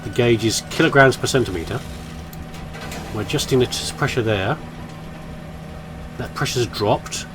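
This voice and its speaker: A man's voice: mid-range voice, measured pace, long pauses, noisy background. A man commentating his horror game playthrough in a playful, musing, self-mocking way. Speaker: gaming commentator. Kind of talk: let's play commentary.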